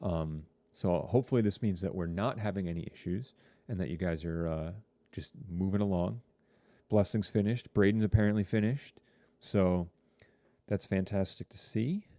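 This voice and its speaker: A man teaching a high school TV production class, chatting casually to students on a live stream with lots of fillers and rambling asides. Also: normal speed, mellow, dry recording.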